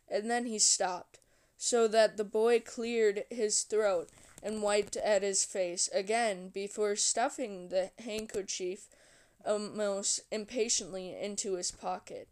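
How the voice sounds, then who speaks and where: A woman reading a novel aloud with slow, measured narration. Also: mid-range voice, steady tone, darkish tone, smooth. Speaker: reader.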